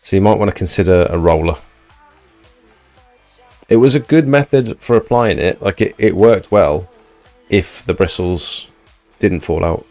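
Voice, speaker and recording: A man with a notably deep, low voice hosts a relaxed livestream, chatting loosely and reading viewer comments aloud. The sound is dry and close, with faint music playing underneath. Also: a little slow, no room sound. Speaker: livestream host. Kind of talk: casual livestream chat.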